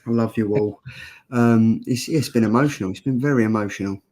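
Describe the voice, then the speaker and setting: A man's voice: fairly low pitch, a little fast, a little mellow. A man hosting a casual comics show, jokey and self-mocking, often restarting his sentences. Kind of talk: casual live-stream chat.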